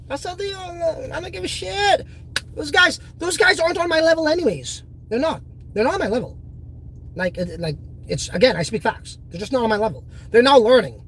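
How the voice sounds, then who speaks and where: A man's voice: very high-pitched, expressive, a little fast, fairly bright tone. A man hosting a casual crypto livestream, reading viewer comments in a boastful, profane, rambling way.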